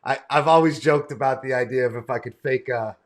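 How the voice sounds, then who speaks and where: An American man from the United States hosts a casual interview over video call, friendly and enthusiastic, addressing his guest as "brother" and "man." His voice sits in the mid range and moves briskly.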